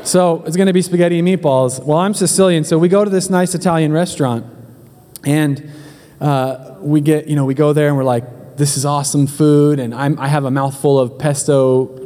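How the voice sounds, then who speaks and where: A man's voice: on the high side, fairly even intonation, brisk, mellow, long reverb tail. A man preaching as a pastor, telling a humorous story in a chatty, joking way and speaking straight to his congregation. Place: church hall.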